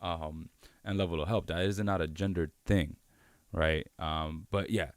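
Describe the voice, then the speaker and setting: Measured podcast co-host, low voice, dry close-mic sound. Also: male voice, fairly even intonation, dry recording. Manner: measured, cites research, asks reflective questions. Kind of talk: candid podcast conversation.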